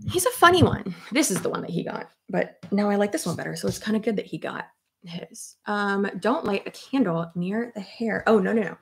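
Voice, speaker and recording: A woman's voice: mid-range voice, expressive, a little fast, gravelly, a little hiss or hum. A woman in her thirties chatting casually at her desk while doing her hair, rambling and laughing often. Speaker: YouTuber. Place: home office at her desk.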